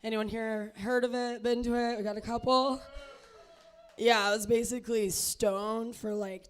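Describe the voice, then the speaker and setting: A woman doing a stand-up set on a comedy club stage, scattered and self-deprecating, with many ums. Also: mid-range voice.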